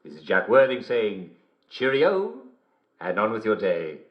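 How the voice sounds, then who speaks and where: A cheery television host with a theatrical, wildly animated delivery, his pitch leaping all over the place. He sits a little low, and the broadcast sound is slightly dull and lo-fi. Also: moderate pace. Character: relentlessly cheery male TV host. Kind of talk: scripted broadcast patter and storytelling.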